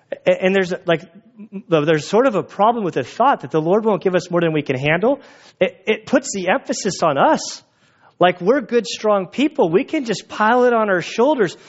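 A man's voice: sits high, animated, normal speed. A man preaches a sermon with a slightly raised voice. He talks like he is telling a story to friends, with loose fillers and restarts. The recording sounds dull and lo-fi. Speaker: pastor.

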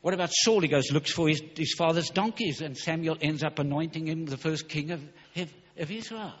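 Male preacher, husky voice, emphatic and rushed, dull hall recording. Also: a little high. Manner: fervent, emphatic, rushing with stumbles. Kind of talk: sermon.

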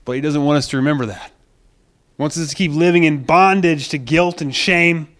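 A man preaches a sermon with a high voice for a man. He is emphatic and repeats phrases for weight, slipping into quoted voices as he goes. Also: brisk, a bit bright. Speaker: pastor.

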